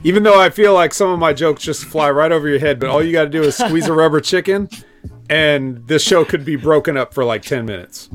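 A man's voice: fairly high pitch, a little fast, faint music behind. Dry, teasing male co-host. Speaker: podcast co-host. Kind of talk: casual podcast chat.

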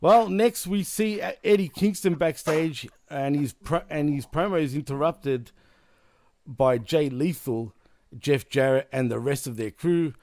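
A man's voice: fairly high pitch, a little slow, darkish tone. A male host recapping events in casual chat, laughing often.

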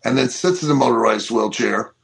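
A middle-aged man co-hosting a casual wrestling podcast, telling stories in an animated way and acting out what people said. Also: mid-range voice, a little fast, creaky, poor audio. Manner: animated storyteller, acts out quotes. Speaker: co-host.

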